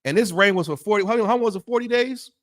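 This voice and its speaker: A man's voice: high voice, fast. A man teaching a Bible law class in a blunt, profane preaching style full of rhetorical questions. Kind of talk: fiery preaching lesson.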